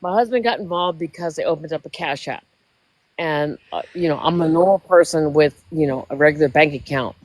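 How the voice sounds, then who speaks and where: A woman's voice: sits low, a little fast, no room sound, poor audio. A woman in her sixties telling a long emotional story in casual chat, rambling. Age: 60s. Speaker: guest.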